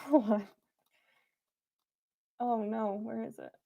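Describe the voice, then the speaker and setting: A woman's voice: on the high side, level tone, slow pace, gravelly, mellow. A woman hosting a livestream from home, giving viewers an earnest, repetitive pep talk with playful asides. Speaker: livestream host.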